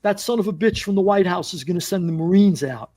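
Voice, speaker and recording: A man's voice: high voice, expressive, fast talker, warm tone. A man with a New York accent, a former mobster guest telling stories in a casual interview and acting out the dialogue he quotes.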